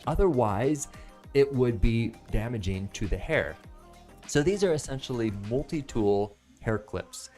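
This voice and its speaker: An American man in his thirties hosting a live product-review stream, jokey and animated, jumping between loud bursts and soft asides. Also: on the low side. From United States. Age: 30s.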